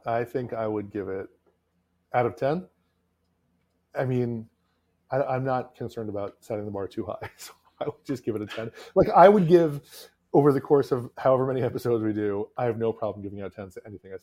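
A man in his thirties co-hosting a podcast in casual chat, animated and jokey, often laughing. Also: mid-range voice, brisk. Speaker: podcast co-host.

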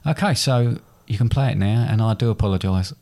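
A man's voice: lowish voice, fairly quick, creaky, heavy background noise. A man chatting casually as a podcast co-host, rambling and self-deprecating, with hesitant restarts. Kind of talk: casual chat.

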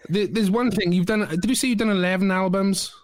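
A man's voice: high voice, steady tone, fairly quick, no room sound. Agreeable man hosting a chat. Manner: agreeable, calls the guest brother. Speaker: podcast host. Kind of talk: casual interview chat.

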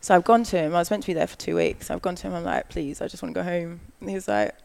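A woman tells a long personal story as a podcast guest, her voice carrying a gravelly, creaky texture. She talks fast and loose, filling her speech with "like" and slipping into the voices of the people in the story. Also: fairly low pitch. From Australia. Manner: animated storytelling, acts out quoted lines, frequent "like". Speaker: guest, model. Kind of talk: casual storytelling chat.

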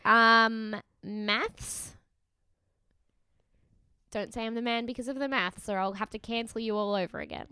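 Bright, crisp woman chatting. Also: fairly high pitch, steady tone, measured pace, long pauses, no room sound. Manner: giggly, acts out quotes in voices. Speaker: podcast co-host. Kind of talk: casual chat recapping a reality show.

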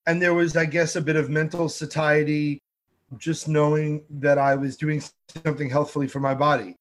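A man tells stories in a relaxed interview, voicing the people he quotes. His voice sits a little high for a man. His delivery is lively and conversational. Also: moderate pace. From New York. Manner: animated storyteller, acts out quotes. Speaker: TV food show host, guest.

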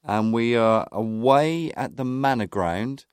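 A man co-hosting a relaxed podcast, chatty and playful, setting up little stories. His pitch sits in the middle for a man. The sound is dry and close to the mic. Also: takes it slowly, clean tone, no echo. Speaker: podcast co-host. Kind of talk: casual chat.

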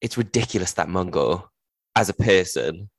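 Deep-voiced man in casual book chat. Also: animated, normal speed, no room sound. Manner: earnest, lots of "like", occasional swearing. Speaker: podcast co-host.

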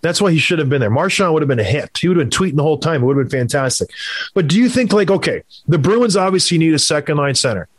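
A man hosting a casual sports podcast, opinionated and rambling, with quick asides. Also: on the high side, lively intonation, no room sound. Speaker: podcast host.

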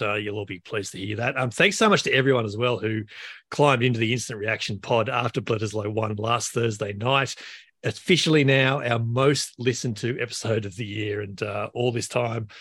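A man's voice: medium pitch, a bit bright, no room sound. An Australian man hosting a sports podcast, with a dry, wry humor and a few fillers. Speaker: podcast host.

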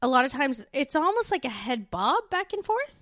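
A woman from Canada co-hosting a podcast, telling stories in a relaxed, conversational way. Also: high voice, moderate pace, dry recording, studio quality. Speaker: podcast co-host. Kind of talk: casual chat.

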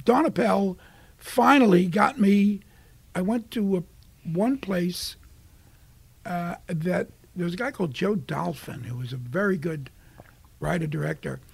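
An older man from Brooklyn with a New York accent, a guest telling animated stories in a casual interview. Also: sits high, measured pace, creaky, husky, no room sound. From Brooklyn, United States. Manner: animated storyteller acting out voices.

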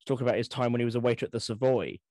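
A man co-hosting a history podcast, telling anecdotes in a relaxed, filler-laden way. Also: medium pitch, very fast, no room sound. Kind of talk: casual conversation.

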